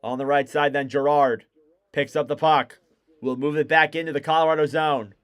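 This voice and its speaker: A man calling live hockey play-by-play on his stream, quick and excitable. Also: fairly high pitch, clean tone. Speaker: livestream commentator.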